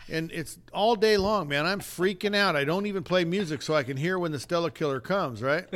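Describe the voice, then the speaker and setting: His voice is on the high side and a little fast as he co-hosts a podcast. Telling a story in casual chat, he turns animated and imitates the voices of the people he quotes.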